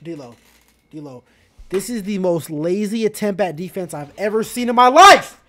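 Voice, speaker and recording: A man hosting a live basketball reaction, talking to the players on screen and swinging from loud excitement to muttered asides. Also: high voice, a little slow. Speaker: sports reaction host. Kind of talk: live game reaction commentary.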